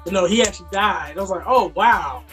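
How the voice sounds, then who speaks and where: A man co-hosting a casual movie review chat, animated and jumping way up in pitch when he quotes his own reactions. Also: rapid-fire, soft background music.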